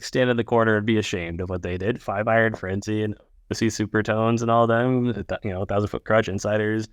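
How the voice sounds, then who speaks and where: A man as a guest on a casual podcast chat, animated and sarcastic, often jumping up in pitch. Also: fairly quick, clear, resonant tone, dry recording, clean studio sound.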